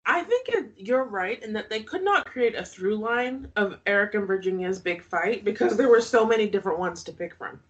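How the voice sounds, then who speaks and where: A woman's voice: mid-range voice, animated, moderate pace, hardly any pauses, dull audio. A woman co-hosting a podcast, recapping a reality show in casual chat, often laughing and making sarcastic asides.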